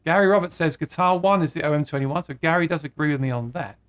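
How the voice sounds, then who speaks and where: Chatty man hosting a live stream, slightly high voice. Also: fast. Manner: chatty and playful, laughs often at his own jokes. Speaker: host of a live guitar stream. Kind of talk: casual live-stream chat, reading viewer comments aloud.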